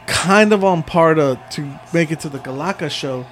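A man's voice: fairly high pitch, normal speed. Chatty man with filler-heavy talk. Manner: chatty, swearing, frequent filler "like" and "uh". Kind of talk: casual chat.

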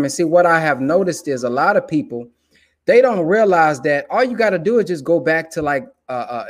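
Young man preaching his point, high voice. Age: young adult. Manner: emphatic, preachy, colloquial. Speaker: commentator. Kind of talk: casual direct-to-camera commentary.

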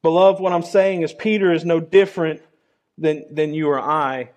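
A man preaches a sermon, his voice sitting a little higher than most men's. He talks to the congregation earnestly and conversationally and keeps circling back to the same phrases. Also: fairly even intonation, moderate pace, a little mellow.

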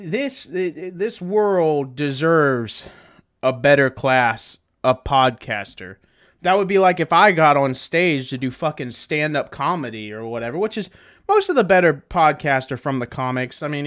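His voice sits on the high side and sounds a bit bright. He's a podcast host in a truck, ranting sarcastically for comedy, swearing nonstop and breaking into mocking voices.

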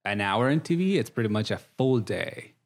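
A man's voice: fairly low pitch, lively intonation, normal speed. Chatty thirty-year-old man, English. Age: 30s. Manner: chatty and warm, with many "like" fillers. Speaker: guest. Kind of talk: casual interview.

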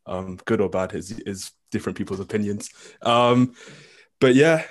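A young man with an English accent, chatting casually as a guest coach in an interview, full of ums and quick laughs. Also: fairly low pitch. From England. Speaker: coach and committee member.

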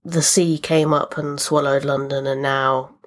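A woman with a bass voice hosts a podcast, unhurried and level in tone. She chats casually and rambles about the video games she's been playing, full of fillers and asides.

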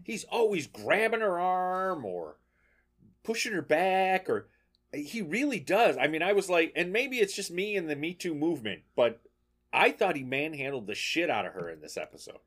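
Animated, profane male podcast co-host. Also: a little high, normal speed. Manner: animated, profane, acts out voices. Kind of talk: casual chat.

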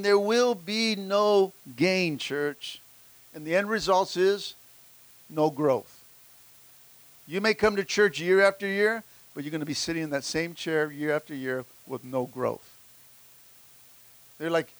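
A pastor delivers a fervent sermon, calling out to his congregation in a call-and-response style and often repeating words as he restarts lines. His voice is fairly high, his delivery unhurried with long pauses, and there's no echo.

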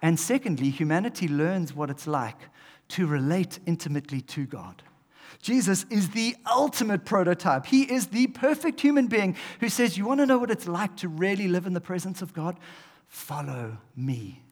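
A man preaching a sermon, animated, swinging between loud emphasis and hushed asides. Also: high voice, normal speed. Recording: long hall reverb.

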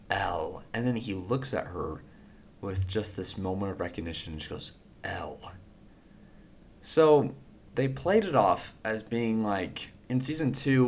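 A man hosting a podcast in a casual, rambling way, full of fillers and restarts. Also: lowish voice. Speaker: podcast host.

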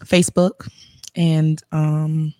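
A woman's voice: deep voice, drawn-out words, dry recording, clean studio sound. A woman, a spa owner and esthetician, chatting casually as a guest and laughing often. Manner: laughs often, relaxed and encouraging. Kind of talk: casual interview chat.

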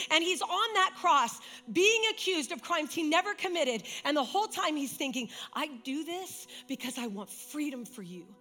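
A woman preaching a sermon with passion, sinking to a soft hush when she retells a story. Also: high voice. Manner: impassioned, dropping to a soft hush for dramatic retellings. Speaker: speaker. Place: church.

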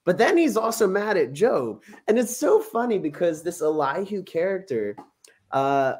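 A man explains a Bible passage in a loose, conversational way. His delivery is animated, and he slips into playful voices for the quotes, often with a laugh. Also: high voice, moderate pace. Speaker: podcast co-host discussing scripture. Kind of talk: casual Bible discussion.

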